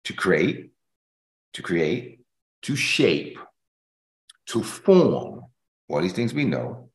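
A man preaching a sermon as pastor. He repeats phrases for emphasis and swings between loud passages and hushed ones. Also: deep voice, big pitch swings, extremely slow, echoey room.

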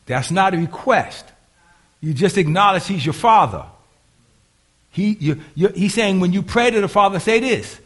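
An older man, a grandfather, preaching a sermon and swinging from hushed asides to loud, raised bursts. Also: sits high, animated, moderate pace. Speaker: pastor.

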